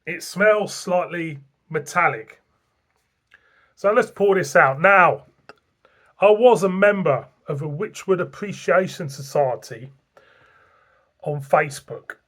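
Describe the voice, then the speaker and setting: A man's voice: a little high, slow pace, long pauses, a bit bright. A man with a Northern English accent reviewing beer in a blunt, rambling, sweary way. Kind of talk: casual beer review vlog.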